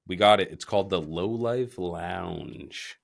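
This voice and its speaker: Podcast host, man, lowish voice, profane joking chat, loose from beers. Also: takes it slowly, gravelly. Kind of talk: casual chat.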